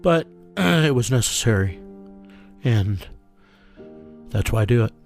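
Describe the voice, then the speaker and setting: Gravelly-voiced man telling a personal story. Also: mid-range voice, expressive, soft background music. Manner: slow, earnest, plain-spoken. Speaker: interview guest. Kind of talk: reflective storytelling.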